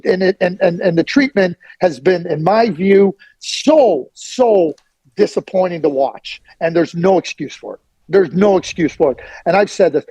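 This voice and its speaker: A man's voice: high-pitched, mellow, breathy edge, no echo, rough recording. A middle-aged man giving blunt, emphatic hockey opinions as a guest on a sports radio interview.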